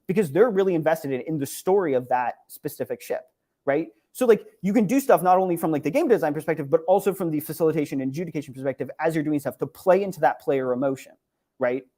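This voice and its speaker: Young guy presenting online, mellow and kinda high, lots of "like" and "right?". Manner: casual, filler-heavy, many "right?" and "like". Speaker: conference presenter. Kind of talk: presentation over slides. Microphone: online talk, computer mic.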